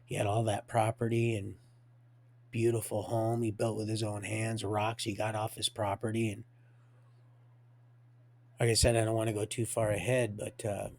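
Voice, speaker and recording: Gravelly guy rambling on a stream, lots of restarts, talks about god and dreams. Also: on the low side, level tone, normal speed, pauses often, darkish tone. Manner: rambling, restarts often, religious talk. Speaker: livestreamer. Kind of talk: rambling personal monologue.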